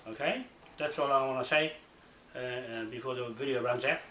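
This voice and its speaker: A man's voice: medium pitch, moderate pace, sharp tone. A man ranting into his own camera, swearing, repeating himself and tagging his points with "right?". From New Zealand. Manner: angry, profane, repetitive, keeps asking "right?". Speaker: self-recorded complainant. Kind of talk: ranting self-made video. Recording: echoey room with faint noise.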